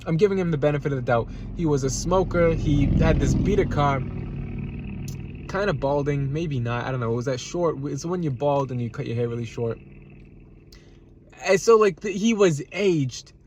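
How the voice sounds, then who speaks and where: A man with a slightly higher voice rants about a run-in on the road. He swears a lot, goes back over the same points, and his pitch shoots up whenever the anger comes back. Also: animated, moderate pace, noisy background. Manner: profane, heated, repeats himself, voice jumps up when upset. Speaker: vlogger. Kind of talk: angry storytime rant. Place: at home, eating a salad.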